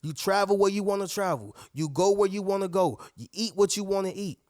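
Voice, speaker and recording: Speaking briskly with a darkish tone, a man hosts a motivational video to camera, emphatic and preachy, calling his viewers "y'all" and "family." He often acts out other people's lines in a higher voice. The studio-quality recording has no room sound.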